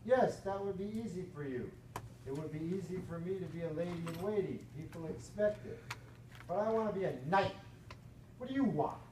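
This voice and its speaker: A man's voice: sits high, lively intonation, a little fast, darkish tone. Man playing a plucky young girl, earnest and firm, raised voice, echoey hall. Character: bold determined young girl who wants knighthood. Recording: echoey lecture hall from far off, noisy.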